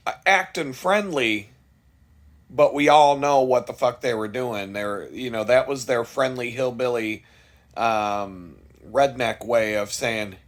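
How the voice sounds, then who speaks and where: A man's voice: mid-range voice, a little slow. A middle-aged man telling a rambling, candid personal story in a casual vlog, swearing freely and slipping into voices for the people he quotes. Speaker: vlogger.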